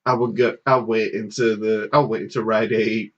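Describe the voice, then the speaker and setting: A man's voice: lowish voice, flat delivery, moderate pace. A man co-hosting a podcast, telling a story casually and laughing often. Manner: laughs often, acts out voices in his stories. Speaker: podcast co-host. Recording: dull lo-fi podcast audio.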